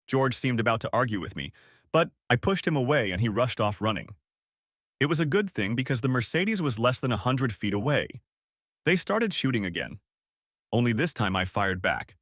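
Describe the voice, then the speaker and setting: A man reading a first-person story aloud in a dramatic, expressive way. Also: mid-range voice, normal speed, no echo, studio quality. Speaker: story narrator.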